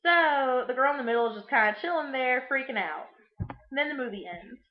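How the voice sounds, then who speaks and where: A young woman with a higher voice rambles through a crude, sarcastic movie recap, full of fillers. She is recorded in an echoey room. The sound is muffled and lo-fi. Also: lively intonation, brisk. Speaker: vlogger. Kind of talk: casual movie recap vlog.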